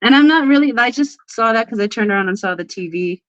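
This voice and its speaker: A woman hosting a casual live stream, bubbly and quick to laugh, who baby-talks to her pets while she chats. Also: a little high, lively intonation, a bit bright, dry recording. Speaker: livestream host. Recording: dry, slightly dull livestream audio.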